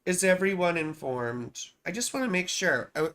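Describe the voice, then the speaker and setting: A woman's voice: fairly low pitch, very animated, normal speed, a bit bright. A woman astrologer hosting a casual live stream. She talks in a chatty, self-amused way, often repeating her phrases and tossing in "right?".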